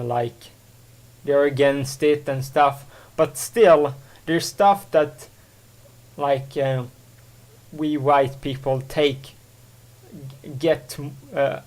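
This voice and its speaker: A man talks alone on his own podcast in a loose, casual monologue. He speaks slowly, stops often for fillers, and corrects himself mid-sentence. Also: medium pitch, darkish tone. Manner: rambling, full of fillers and self-corrections. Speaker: show host.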